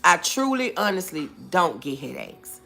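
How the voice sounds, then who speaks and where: A woman's voice: on the low side, sing-song, a little slow, gravelly, bright, forceful tone, faint music behind. A woman hosting a casual livestream, chatting with viewers in the comments and calling them boo and baby. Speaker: livestream host. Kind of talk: casual live chat reading comments.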